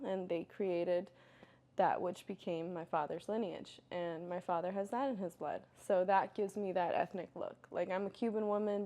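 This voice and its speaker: Candid rambling young woman. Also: mid-range voice. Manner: candid, rambling, lots of "like" and "you know"; gets loud and animated when telling stories. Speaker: vlogger answering viewer questions. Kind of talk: casual Q&A chat.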